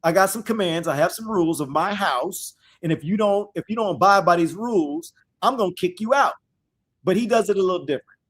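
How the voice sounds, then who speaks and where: A man with a high voice leads a live scripture discussion in a loose, conversational way. He repeats his phrases and speaks to his listeners as "y'all." When he reads verses, he slows right down and stresses each word. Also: lively intonation, fairly bright tone. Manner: reads verses slowly and deliberately.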